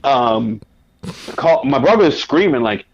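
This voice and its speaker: A man, a podcast guest, telling a casual anecdote with lively quoted asides. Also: mid-range voice, a little slow. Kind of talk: casual storytelling. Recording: dull lo-fi audio.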